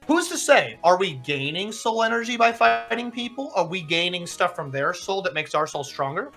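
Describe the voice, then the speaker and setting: Streamer as a lively, bright-voiced combat teacher. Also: mid-range voice, moderate pace, faint music behind. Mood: lecturing. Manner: lively lecturing with rhetorical questions. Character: strict male combat teacher, lecturing, dry humor. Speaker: game master.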